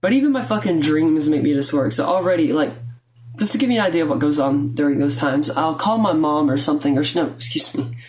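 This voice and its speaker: At home indoors, a young adult woman vlogs to camera in a blunt, profane, rambling confessional style. Her voice is deep and fast, and her throat is rattly with phlegm.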